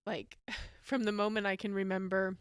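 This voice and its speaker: Woman in her 30s from the us rambling candidly about her life, smooth voice, dry close sound. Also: mid-range voice, level tone, normal speed, no room sound. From United States. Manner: candid, rambling, emotional, with frequent fillers and laughs. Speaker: podcast host. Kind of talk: personal storytelling monologue.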